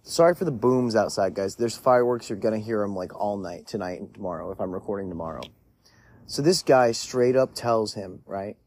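A man's voice: lowish voice, fairly quick, darkish tone. A man telling a story in a casual monologue, rambling with lots of "like" fillers and frequent swearing. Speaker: podcast storyteller.

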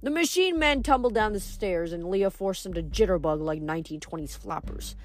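A woman reading chapters of a novel aloud in steady storytelling narration. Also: mid-range voice, moderate pace. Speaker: reader.

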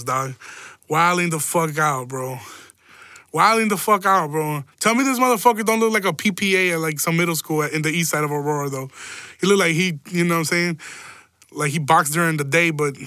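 A man's voice: fairly high pitch, pushed and bright, dry recording. A young man, hosting a casual solo rant, rambling and swearing, often breaking into laughter. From Chicago. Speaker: podcast host.

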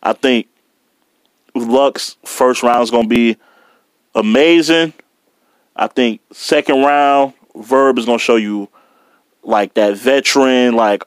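A man's voice: medium pitch, slow, smooth, no echo. A man giving confident predictions in casual podcast chat, dismissive of pushback. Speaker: podcast guest.

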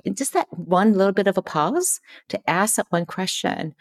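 A woman's voice: mid-range voice, expressive, normal speed, hardly any pauses. A woman guest in a conversational interview, talking earnestly and acting out quoted lines. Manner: earnest, acts out quoted dialogue.

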